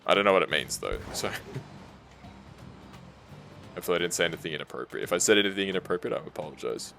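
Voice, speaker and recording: Aussie streamer guy, really deep and gravelly, pitch swings all over, bit of music behind. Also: animated, fast, sharp tone. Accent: Australian. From Australia. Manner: chatty, reads chat aloud and muses, laughs often. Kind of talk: casual chat with live chat while gaming.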